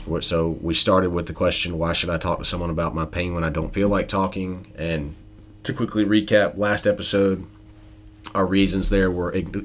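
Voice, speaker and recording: A man hosting a faith-based podcast, talking in an earnest, reflective, steady way. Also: low voice, a little hiss or hum. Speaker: podcast host.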